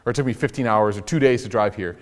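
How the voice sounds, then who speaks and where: A young man with a lowish voice speaks fast, delivering a casual, joking sermon as an Islamic lecturer. He tells stories and acts out the quotes, and the recording carries a long hall reverb.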